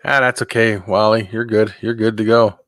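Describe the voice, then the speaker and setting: A man's voice: lowish voice, little pitch movement, moderate pace, fairly bright tone, dry recording. A man hosting a casual live-stream chat, rambling and talking to his viewers. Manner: rambling, keeps clearing his throat. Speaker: host of a live hangout stream.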